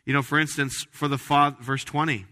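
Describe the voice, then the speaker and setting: A man preaching a sermon as pastor, emphatic and animated, with frequent restarts. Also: medium pitch, moderate pace. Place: church sanctuary. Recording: reverberant church hall.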